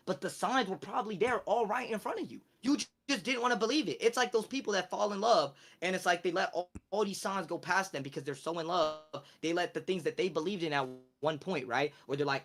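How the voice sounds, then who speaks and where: A man on a live stream giving emphatic life advice in casual chat, swinging from quiet to loud. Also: high voice, brisk, few pauses.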